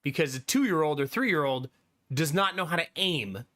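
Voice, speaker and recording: Bright-voiced man chatting to his stream. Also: fairly high pitch, lively intonation, normal speed. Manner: chatty, laughs often, swears casually. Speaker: live streamer. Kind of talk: casual chat with stream viewers.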